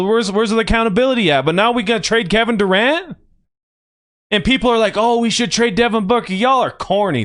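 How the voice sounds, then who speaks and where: A man's voice: sits high, fairly bright tone. A young man hosting a sports podcast, ranting in a heated, casual way and swearing often. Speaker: podcast host.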